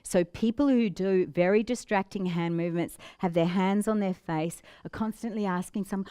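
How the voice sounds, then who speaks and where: A woman presenting a business training talk to an audience. She talks in a lively, demonstrative way and breaks into playful giggly impressions to make her points. Her voice sounds dry and close, with no room echo around it. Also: mid-range voice, normal speed, few pauses, clean tone. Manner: demonstrative, acts out examples with giggles.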